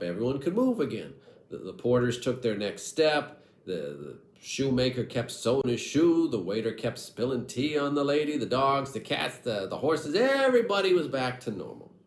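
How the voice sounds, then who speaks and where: Wry male storyteller, lively voice. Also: lowish voice, roomy sound, low-quality recording. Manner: wry, irreverent asides to the audience. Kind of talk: comic folk tale storytelling.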